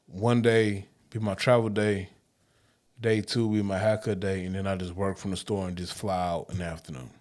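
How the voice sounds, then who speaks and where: Laid-back low-voiced man. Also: level tone, normal speed. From Houston. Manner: laid-back slangy talk, trails off quietly. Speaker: podcast co-host. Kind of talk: casual banter.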